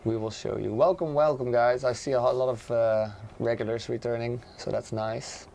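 Hoarse, raspy man hosting a stream. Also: mid-range voice, fairly even intonation, normal speed, dark tone, a little hiss or hum. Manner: hesitant, many fillers and restarts. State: hoarse from being sick. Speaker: livestream co-host. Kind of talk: casual livestream chat.

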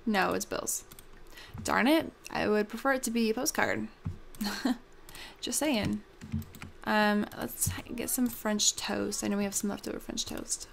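A young woman giving casual gameplay commentary at her desk mic, bubbly and gushing, full of ums. She talks at an unhurried pace with a slightly gravelly, fry-tinged voice. Faint keyboard typing sits in the background. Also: medium pitch, slight background noise. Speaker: let's play host.

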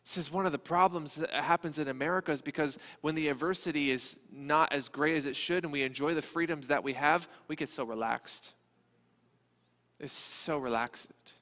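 A man preaching a sermon as a pastor, speaking in a conversational, animated way. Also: a little high. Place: church sanctuary. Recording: long church reverb.

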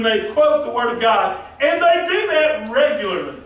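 A pastor preaches in a folksy, joking way, tossing questions at his congregation. His voice sits high for a man. He is heard from a distance in a very echoey church hall with faint room noise. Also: sing-song, moderate pace, few pauses, a bit bright. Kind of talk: folksy sermon.

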